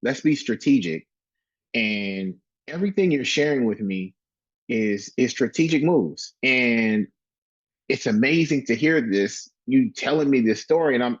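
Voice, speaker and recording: A man hosting an interview, enthusiastic but halting, with frequent restarts. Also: medium pitch, dry recording. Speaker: podcast host. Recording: dry, slightly dull sound.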